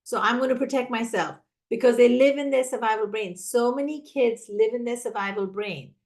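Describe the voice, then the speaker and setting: A woman trainer answering teachers' questions in a live online session, energetic and animated, often acting out how a teacher talks. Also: fairly high pitch, moderate pace. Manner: energetic, animated, acts out teacher and child voices. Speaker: classroom management trainer.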